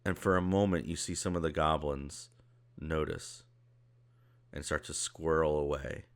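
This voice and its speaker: Male game master, low and unhurried, rambling and loose. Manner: relaxed, rambling with fillers and laughs. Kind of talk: narrating a tabletop game.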